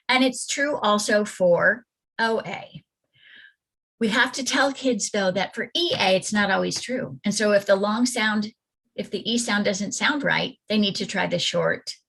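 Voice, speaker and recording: A woman's voice: medium pitch, vocal fry, a bit bright, slightly rough. A woman reading teacher giving an online phonics workshop for parents, sounding out letters and vowel sounds with care. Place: home or classroom at computer, presenting slides.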